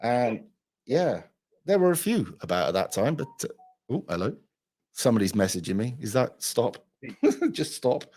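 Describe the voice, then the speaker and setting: A man's voice: mid-range voice, very animated, normal speed, long pauses, a little mellow. A hungover man, hosting a livestream and chatting crudely, swearing and rambling. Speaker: livestream host. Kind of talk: crude casual chat.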